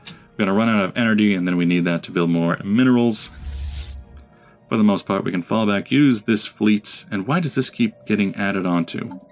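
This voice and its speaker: A man's voice: on the low side, moderate pace. A man giving casual gameplay commentary as a let's play host, chatting and talking to his units. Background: game music.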